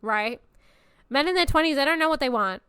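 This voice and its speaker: Blunt, bright-voiced young woman. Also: high-pitched, fairly quick, dry recording, studio quality. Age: 20s. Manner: blunt, profane and animated. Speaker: podcast host. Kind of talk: casual chat.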